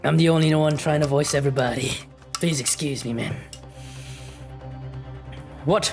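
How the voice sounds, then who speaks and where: A man's voice: on the high side, brisk, vocal fry, a little mellow, faint music behind. A man streaming a detective game, giving goofy, joking commentary and laughing often.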